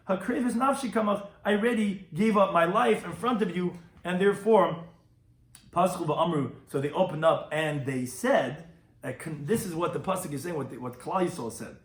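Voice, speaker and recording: Animated rabbi teaching Talmud, echoey room. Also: male voice, fairly quick. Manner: animated, rises in pitch to stress points. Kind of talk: Talmud lecture.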